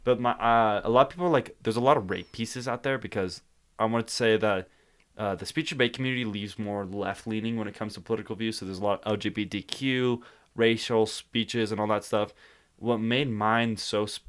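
A man's voice: fairly low pitch, smooth. A young man talking casually on a podcast as a guest, rambling, laughing often and breaking into silly voices.

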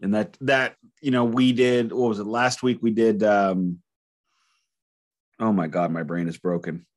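A man co-hosting a music podcast, talking in halting, joking bursts with frequent restarts. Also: lowish voice, steady tone. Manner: halting, joking, self-interrupting. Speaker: podcast co-host. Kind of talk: casual album review chat.

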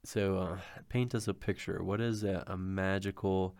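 A male podcast host with a fairly low voice jokes and teases his guest through a casual chat. His voice is recorded dry and close, with no room sound around it. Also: steady tone, moderate pace, darkish tone, dry recording. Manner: playful, teasing, laughs easily.

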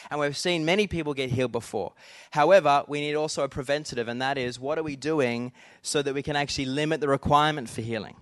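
A man's voice: fairly high pitch, fairly bright tone, dry recording. A middle-aged man preaching a sermon in an earnest, conversational way, talking directly to the congregation. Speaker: pastor.

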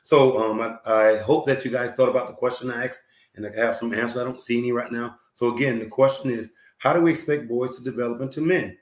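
A hoarse male talk show host with a lingering cough, speaking earnestly to viewers, repeating himself and using many fillers. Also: mid-range voice, fairly even intonation, fast talker, roomy sound. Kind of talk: live-stream talk show, reading viewer comments.

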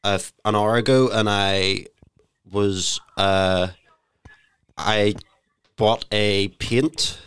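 A man's voice: fairly low pitch, steady tone, very slow, pauses often, a bit bright, smooth, no room sound. A man hosting a podcast, rambling hesitantly with many ums while making a prank phone call. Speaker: podcast host. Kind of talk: casual podcast chat, prank calling.

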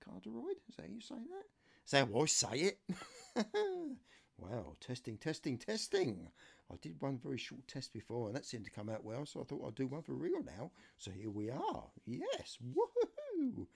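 Man, low gravelly voice, lively swings in pitch, rambling jokey home broadcast. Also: moderate pace. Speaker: amateur radio show host. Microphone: new USB condenser mic.

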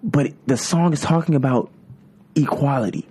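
Husky, animated man chatting on a podcast. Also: medium pitch. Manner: animated, quick to laugh, stammering restarts. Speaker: podcast guest. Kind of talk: casual chat.

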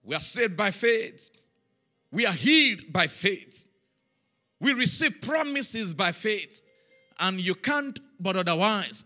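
A man preaching a sermon, telling a story with lively repetition and chanted syllables. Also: high voice. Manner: animated storytelling, repeats phrases, chants syllables.

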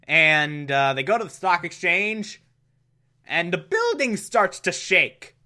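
A man's voice: on the high side, animated, pushed and bright, clear, resonant tone. A man giving a comic, wry recap of a television episode. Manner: slow, amused and wry.

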